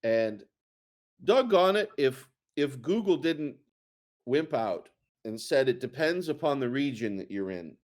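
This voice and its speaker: A man's voice: medium pitch, expressive, measured pace, darkish tone. Rambling man in casual chat. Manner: rambling, many fillers and restarts. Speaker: co-host.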